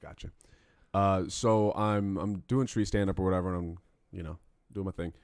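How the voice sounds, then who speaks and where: A young man co-hosting a podcast in casual chat, telling stories in an animated, profane way. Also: deep voice, normal speed, smooth, no room sound, clean studio sound. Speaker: podcast co-host.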